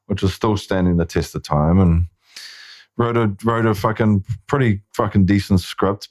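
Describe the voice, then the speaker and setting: A man's voice: sits low, darkish tone. A man who is a filmmaker and actor, chatting frankly and reflectively as a podcast guest, swearing often. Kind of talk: casual chat.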